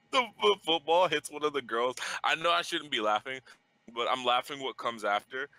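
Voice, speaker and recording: Young male podcast host, very bright, sharp tone, casual rambling storyteller who curses a lot. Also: mid-range voice, normal speed, no echo, rough recording. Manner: loose, swearing, laughs through his own story.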